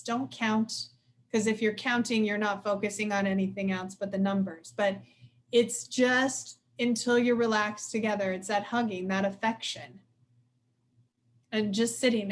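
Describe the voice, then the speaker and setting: A woman in her forties giving a casual, lively workshop talk. She talks fast and acts out quoted voices with sudden jumps up in pitch. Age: 40s. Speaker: presenter of a workshop on stress. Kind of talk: casual live lecture.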